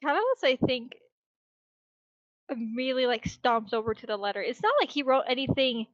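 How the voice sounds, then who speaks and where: A woman's voice: high-pitched, fairly quick, no echo. A woman describing her character's actions in a tabletop game, in a chatty way with frequent fillers, recorded on a dull, dry home mic. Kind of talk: casual game narration.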